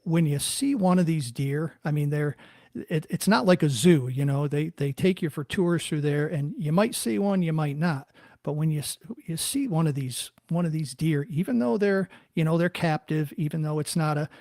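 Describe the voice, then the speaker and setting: Male host, slightly high pitch, halting, many restarts, dry sound. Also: lively intonation, darkish tone, no echo. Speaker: podcast host. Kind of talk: casual interview talk.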